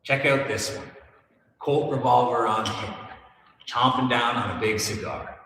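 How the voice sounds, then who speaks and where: A man's voice: mid-range voice, measured pace, bright, forceful tone, slight background noise. A male host telling a story in a joking, irreverent way, swearing now and then. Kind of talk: comedic storytelling. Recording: echoey room from far off.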